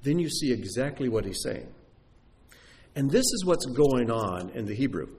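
A man delivers a sermon from the front of his sanctuary, speaking right to the congregation. His voice sits in a middle register but swings widely in pitch as he explains and quizzes his listeners. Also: moderate pace. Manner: animated, asks the congregation questions. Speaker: pastor.

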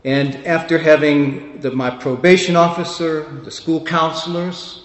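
A man preaching a personal testimony as a sermon, emotional, dropping to a hush and then swelling to fervent peaks. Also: fairly high pitch, steady tone, measured pace. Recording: echoey hall with long reverb.

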